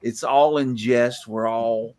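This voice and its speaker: A man's voice: mid-range voice, steady tone, slow pace, darkish tone, a little hiss or hum. A man hosting a casual panel chat, rambling and enthusiastic as he reacts to viewers' woodwork. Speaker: show host. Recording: live online panel show.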